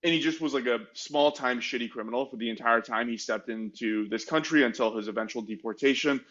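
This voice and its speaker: A male podcast co-host tells a history story in a casual, chatty manner, full of "like" fillers and self-mocking asides. His mid-range voice is a little fast with a fairly bright tone, though the audio sounds dull.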